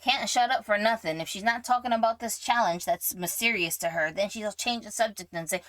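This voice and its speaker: A woman's voice: fairly high pitch, expressive, fast talker, few pauses, a bit bright, no room sound. A woman commentator and author giving blunt, emphatic opinions, full of swearing and lecturing. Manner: profane, emphatic, preachy.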